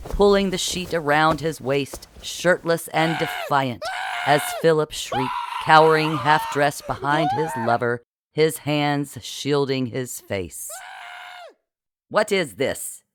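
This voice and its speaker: A narrator reading a comic adventure audiobook with an expressive, wry delivery. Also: mid-range voice, noisy background.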